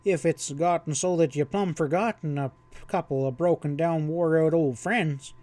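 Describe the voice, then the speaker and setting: A man's voice: fairly high pitch, normal speed, darkish tone, lightly acted. Man doing a fretful pudgy old cowpoke. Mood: dignified. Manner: worried, sarcastic. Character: pudgy worried old cowhand partner.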